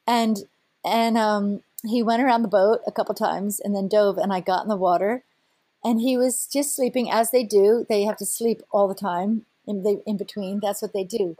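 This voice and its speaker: A middle-aged woman, a whale researcher, telling an animated story, laughing often and acting out voices. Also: medium pitch, normal speed, dry recording. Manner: lively, excited, laughs often, acts out quoted voices. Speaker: whale researcher and boat operator.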